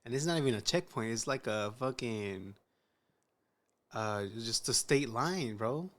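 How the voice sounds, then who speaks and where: Slow-talking man with lively, joking reactions. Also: medium pitch. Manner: slow, profane, joking reactions mixing Spanish slang. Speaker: host. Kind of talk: casual podcast chat.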